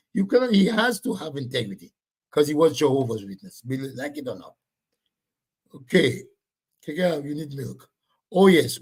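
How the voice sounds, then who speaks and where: Brief: male livestream host, loud and blunt, voice sits a bit high. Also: breathy edge. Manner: loud, blunt, repetitive scolding of commenters. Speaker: livestream host reading viewer comments. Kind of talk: casual livestream chat.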